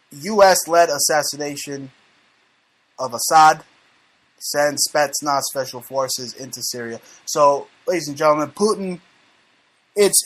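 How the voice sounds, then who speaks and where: A man's voice: a little high, a bit bright. An American man hosting a casual talk show, speaking in a brash, boastful and profane way. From United States. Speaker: host.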